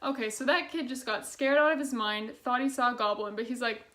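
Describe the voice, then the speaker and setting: A woman's voice: on the high side, fairly quick, few pauses, fairly bright tone. A young woman casually reading children's books aloud and adding chatty, sarcastic commentary. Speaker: book vlogger.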